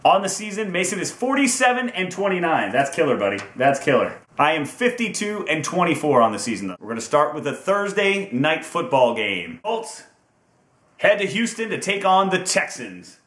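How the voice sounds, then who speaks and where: With a fairly high pitch and big swings in intonation, a man talks at a moderate pace in a bit of a bright tone. He's the upbeat, teasing host of a casual sports picks video who stretches team names for fun, recorded in an echoey space.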